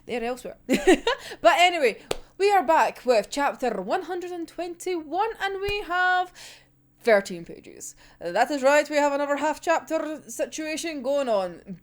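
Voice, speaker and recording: A woman hosting a casual manga reaction, ranting excitably, swearing often and laughing a lot. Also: high voice, slight background noise. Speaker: manga reviewer.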